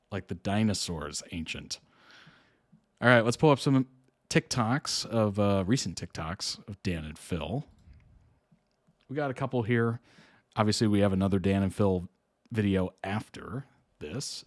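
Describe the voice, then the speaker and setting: A man with a low voice, hosting a reaction video. He talks slowly and easily, often breaking into laughter. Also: animated. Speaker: reaction channel host. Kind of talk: casual reaction commentary.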